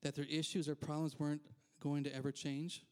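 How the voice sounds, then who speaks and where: Brief: male pastor, fairly high voice, candid chatty sermon with asides. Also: flat delivery, fairly quick, a little mellow, clear, resonant tone. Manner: candid, self-deprecating, frequent asides. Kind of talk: conversational sermon.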